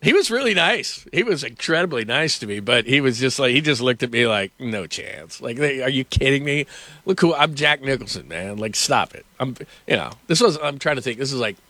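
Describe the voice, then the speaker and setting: Bright dry-voiced male radio host. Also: mid-range voice, animated, fairly quick, no room sound. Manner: rambling storyteller, many fillers and restarts. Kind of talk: casual sports talk.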